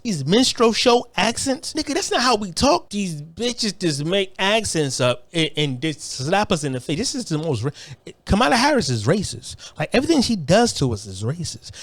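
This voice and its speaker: A man in the middle of a fired-up political monologue. His voice sits high and swings widely, and he curses freely. He keeps stumbling into restarts as he talks. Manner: heated, profane, repetitive restarts. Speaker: online commentator.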